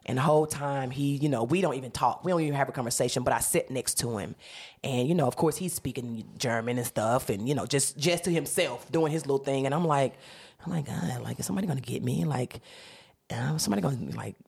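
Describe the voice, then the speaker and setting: A woman comedian telling a story in casual chat, animated, laughing and swearing freely. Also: rumbling low, fast, creaky, breathy edge. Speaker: comedian guest.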